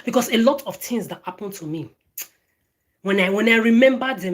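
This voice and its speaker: A woman's voice: medium pitch, lively intonation, brisk. Woman ranting at her phone, stumbles over words, repeats herself a lot, lots of swearing. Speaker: vlogger. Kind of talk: angry direct-to-camera rant.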